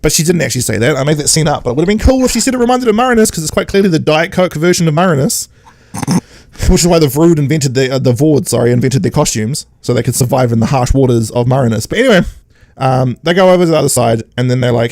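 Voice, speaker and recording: Sarcastic man, high-pitched and dry. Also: quick pace, no room sound. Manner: sarcastic, animated retelling with mocking quoted voices. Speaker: podcast co-host. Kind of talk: casual podcast chat, recapping an episode.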